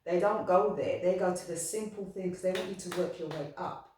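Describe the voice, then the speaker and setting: A spiritual medium speaks earnestly about spirituality in a fairly low, slightly mellow voice at normal speed, rambling heartfeltly, repeating herself and restarting often. The recording is echoey with a distant mic and slight background noise.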